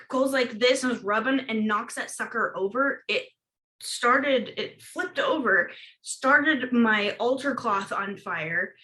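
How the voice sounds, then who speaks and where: A woman's voice: a little high, sharp tone, low-quality recording. A woman hosting a casual video-call chat, telling a story with lots of laughs and fillers and acting out her own past reactions. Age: adult, recalls her teenage years. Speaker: host of a witchcraft group video chat.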